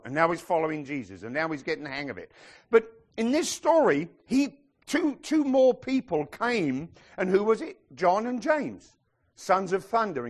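A man preaching a sermon to his congregation, animated and sometimes shouting as he acts out the people in his stories. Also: on the high side. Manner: animated, acts out quoted voices, some shouting.

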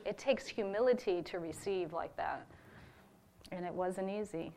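A woman's voice: on the low side, unhurried, warm tone, slight background noise. A woman giving a personal testimony to her church about a ministry trip, speaking earnestly and from the heart, with fillers.

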